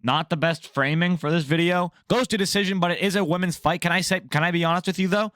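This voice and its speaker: Blunt, ranting young man, fairly high voice. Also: quick pace, no echo, studio quality. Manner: blunt, profane, animated ranting. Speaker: MMA news host. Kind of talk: casual opinionated commentary.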